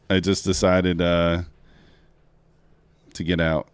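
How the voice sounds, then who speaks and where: A man's voice: low-pitched, slow, long pauses, clear, resonant tone, dry recording. A man chatting casually to viewers while trading futures live, talking them through each move. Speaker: live-streaming futures trader. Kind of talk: casual live-stream commentary.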